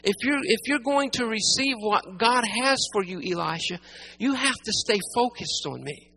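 A preacher in full sermon, the voice gravelly with a steady rasp of fry. The delivery is emphatic, driving key phrases home through repetition and dropping from loud, pressing peaks to near-hushed stretches. The tone stays bright and forceful throughout. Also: mid-range voice, normal speed, slight background noise, low-quality recording.

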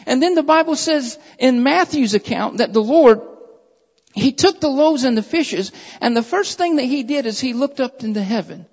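A man preaching a sermon who reads scripture aloud in a measured way and presses his points with repeated phrases, calling his listeners beloved. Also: very high-pitched, expressive, slightly rough. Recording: dull lo-fi recording in a reverberant hall.

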